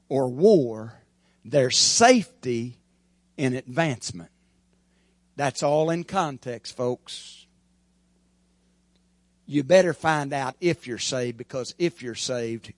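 A man preaching a sermon in a folksy way, rising to loud emphatic passages and dropping to quiet asides. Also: mid-range voice, dry recording. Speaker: pastor.

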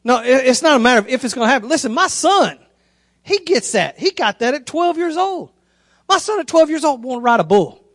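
A man preaching a sermon, telling animated stories and calling out directly to the congregation. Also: extremely high pitch, fairly quick, dry recording, studio quality. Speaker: pastor.

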